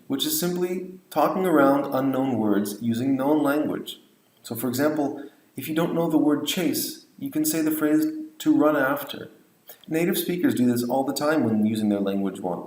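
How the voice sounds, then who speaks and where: A man's voice: fairly high pitch, expressive, moderate pace, darkish tone, roomy sound, rough recording. A man lecturing on language teaching, explaining points and modeling example phrases. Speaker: English teacher trainer.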